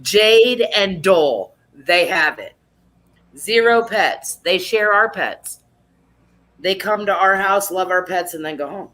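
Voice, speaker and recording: A woman's voice: fairly low pitch, slow pace, poor audio. Chatty woman hosting an online meeting. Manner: chatty, teasing, lively. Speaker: support group host. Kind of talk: casual meeting chat.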